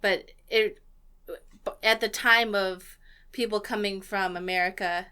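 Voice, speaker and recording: A woman's voice: medium pitch, fairly even intonation, a little slow, sharp tone, smooth. A woman co-hosting a let's play, chatting casually and sharing playful fun facts while gaming. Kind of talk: casual gameplay chat.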